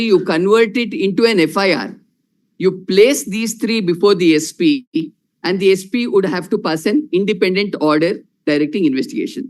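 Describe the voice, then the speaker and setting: High-voiced Indian lawyer addressing judges. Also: male voice. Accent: Indian English. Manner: measured, repeats "my lords" constantly. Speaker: lawyer arguing in court. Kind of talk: formal courtroom argument.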